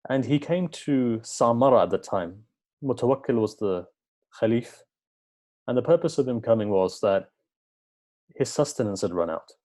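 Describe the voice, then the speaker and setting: This preacher at a religious service tells stories within his sermon, voicing the quoted lines and pressing his points through earnest repetition. He has a warm, mid-range voice and an animated delivery at normal speed, pausing often.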